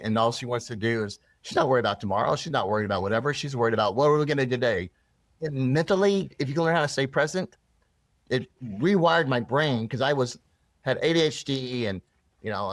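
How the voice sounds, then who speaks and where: A man with a mid-range voice, recorded dry, is being interviewed. He earnestly tells a personal story, restarting often and drifting into rambling asides.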